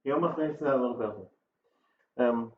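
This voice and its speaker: A man's voice: medium pitch, a little slow. A man running a tabletop game as game master, talking casually and chuckling as he works through the rules. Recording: roomy, dull home recording with faint noise.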